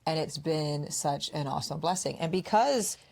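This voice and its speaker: Low-voiced woman podcast host. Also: normal speed, gravelly, slight background noise. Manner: animated storyteller, acts out quoted friends. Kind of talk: casual conversational podcast chat.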